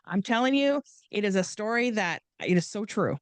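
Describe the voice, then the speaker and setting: A woman's voice: mid-range voice, lively intonation, normal speed, clear, resonant tone, dry recording. Woman, podcast guest, chatty storyteller, laughs a lot, dry close sound. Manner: chatty, laughs often, rambling with restarts. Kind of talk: casual storytelling interview.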